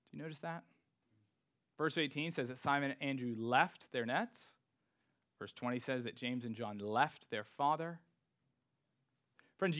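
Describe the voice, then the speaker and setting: A man's voice: medium pitch, a bit bright. A man preaching a sermon to his congregation, reading scripture and rising to emphatic rhetorical questions. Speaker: pastor.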